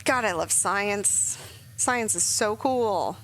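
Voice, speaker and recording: A woman's voice: mid-range voice, slow pace, a bit bright, slight background noise, rough recording. A young woman streaming a game, chatting casually and emotionally with lots of fillers. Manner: rambling, emotional, many fillers. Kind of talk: casual gameplay commentary.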